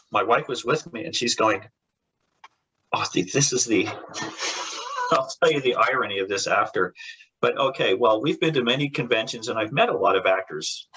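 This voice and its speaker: A man's voice: on the low side, bright, forceful tone, breathy edge, dull audio. A man who works as a comic book artist, a guest in a casual interview. He tells rambling stories with many restarts and laughs, and briefly acts out the voices of the people in them.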